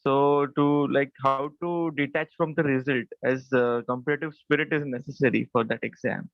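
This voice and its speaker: A man's voice: medium pitch, fairly even intonation, creaky, no echo. A man asking his teacher a question on a video call, speaking hesitantly. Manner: hesitant, halting. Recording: tinny phone-like call line.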